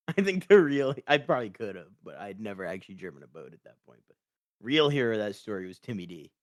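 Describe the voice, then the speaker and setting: A young man in casual podcast chat, laughing often and self-deprecating, with halting restarts. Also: lowish voice, big pitch swings, dry recording, clean studio sound. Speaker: podcast guest.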